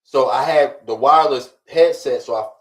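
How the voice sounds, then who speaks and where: A man in his thirties co-hosts a podcast, telling a story in casual chat with a medium-pitched voice at a moderate pace. He is an animated storyteller who acts out the dialogue and says "right?" often.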